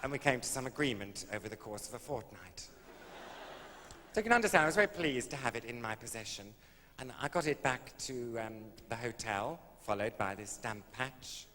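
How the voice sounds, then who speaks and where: A man's voice: medium pitch, animated, normal speed, pushed and bright. A man, telling a camp, arch, innuendo-laden story as a stand-up comedian on stage. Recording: echoey old live stage recording with faint hiss.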